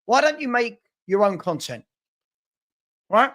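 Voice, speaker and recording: A man with a fairly high voice chats on a casual football live stream. He gets worked up and exasperated, repeating himself and restarting sentences as he goes. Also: very animated, a little slow, fairly bright tone. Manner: exasperated, repetitive, stumbling restarts. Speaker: football channel host.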